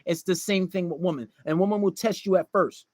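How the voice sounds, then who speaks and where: A man's voice: high voice, brisk, a little mellow, no room sound. A man giving dating advice in a casual livestream monologue, blunt and profane, lecturing and acting out quoted voices.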